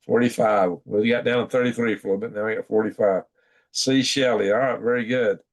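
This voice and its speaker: A man's voice: fairly low pitch, steady tone, a little fast. A sleepy man, hosting a casual late-night livestream, chuckling and reading chat aloud in a folksy drawl. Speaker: livestream host.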